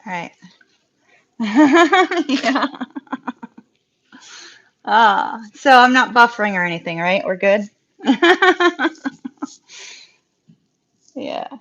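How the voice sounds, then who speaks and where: Woman, Southern US accent, fairly high voice, chatty reassuring tarot reader, dull lo-fi stream audio. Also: big pitch swings, drawn-out words, long pauses, fairly bright tone. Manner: chatty, reassuring, laughs often. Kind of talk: live-stream tarot reading.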